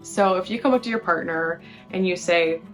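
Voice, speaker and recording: A woman with a lowish voice hosts a relationship-advice video, explaining points to the camera at a moderate pace in a conversational way. She often asks rhetorical questions, and faint guitar music plays behind her.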